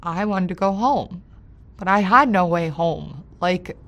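Telling a personal story in an interview, a woman with a fairly low voice stumbles and hesitates, using many fillers. Her voice softens on the painful moments and climbs when anger takes over.

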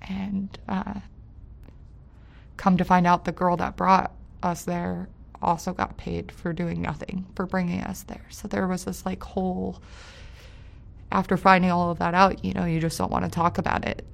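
A woman with a gravelly, fairly low voice and a level tone tells her own story as an interview guest. She speaks haltingly with many fillers, dropping quiet at the painful parts and rising in anger.

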